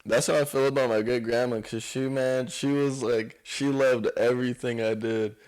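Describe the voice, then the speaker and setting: A young man, a podcast guest who designs clothes, telling rambling, relaxed stories with lots of fillers in casual chat. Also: mid-range voice, moderate pace, low-quality recording.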